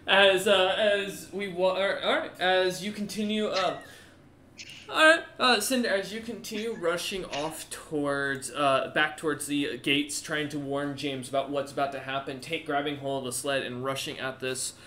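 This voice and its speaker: A man running a tabletop game as game master, narrating in a rambling style with frequent restarts. His voice sits a little high for a man. The room around him sounds echoey. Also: steady tone, normal speed, sharp tone, a little hiss or hum. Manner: rambling, full of fillers and restarts.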